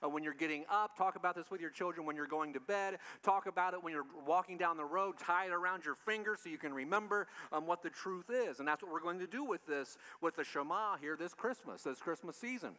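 A man preaching a sermon in a relaxed, conversational way, often asking the congregation questions. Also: high voice, a little fast, few pauses. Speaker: pastor.

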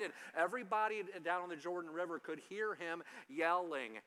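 A male pastor delivers a sermon in a bright, fairly high voice. He talks in a loose, conversational way, full of jokes, repeated words and restarts. The long reverb of a church hall trails behind him. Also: a little fast, few pauses, clear, resonant tone.

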